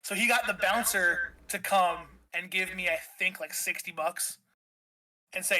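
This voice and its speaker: A man's voice: high-pitched, fairly even intonation, moderate pace, bright, forceful tone, poor audio. A man in his thirties, a streamer guest, telling a rambling story full of fillers and swearing. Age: 30s. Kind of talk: casual storytelling.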